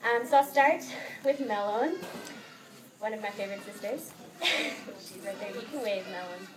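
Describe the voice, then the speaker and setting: A woman's voice: medium pitch, expressive, normal speed. A young American woman, an exchange student, giving a heartfelt thank-you speech to her host family and laughing often as she tells stories. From United States. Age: young adult. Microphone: microphone held at a distance. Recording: distant mic, noisy outdoor ambience.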